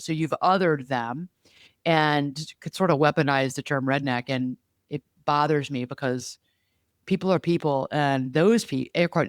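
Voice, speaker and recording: Earnest rambling man, smooth clear voice. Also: on the high side, moderate pace, no room sound, studio quality. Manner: rambling, restarts often, earnest, uses air quotes. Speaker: podcast co-host. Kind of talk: casual conversational chat.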